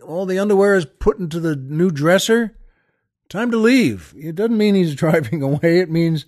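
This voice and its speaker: A man's voice: on the high side, animated, moderate pace, a little mellow. A middle-aged man hosting a show, telling a comic story in a wry, exasperated way. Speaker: podcast host.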